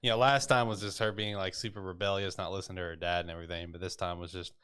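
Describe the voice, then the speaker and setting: A man's voice: deep voice, level tone, fast, fairly bright tone, clear, resonant tone. A man casually recapping an anime episode on a podcast, rambling and swearing with frequent laughs. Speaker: podcast co-host. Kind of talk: casual anime review chat.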